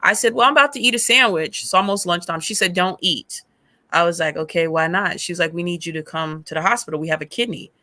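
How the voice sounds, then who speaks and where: A woman guest on a faith podcast, retelling a hard stretch of her life as an animated storyteller who acts out past conversations. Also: on the low side, fast talker. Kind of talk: emotional personal testimony.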